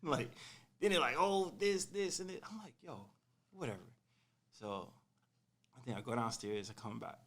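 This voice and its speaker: A young man casually telling a personal story on a podcast, animated and full of slang, acting out what people said. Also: mid-range voice, normal speed, pauses often. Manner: animated, slangy, acts out quotes.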